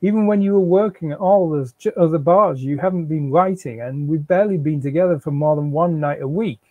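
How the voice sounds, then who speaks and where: A man's voice: fairly high pitch, fairly quick, no room sound, phone-quality sound, close to an everyday voice. A man in a live reading, voicing a defensive, pleading unemployed husband and father.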